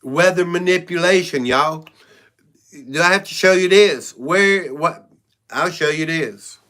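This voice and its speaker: A man talks in a loose, rambling livestream. His voice is bright, clean and fairly high. He speaks frankly and keeps addressing his viewers. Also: unhurried. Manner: rambling, frank, frequent "y'all". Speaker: channel host. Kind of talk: casual livestream talk.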